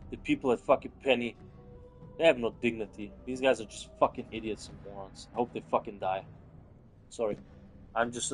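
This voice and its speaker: A young man giving casual, profane commentary while playing a game, lurching from loud angry outbursts to low muttering. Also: rough recording.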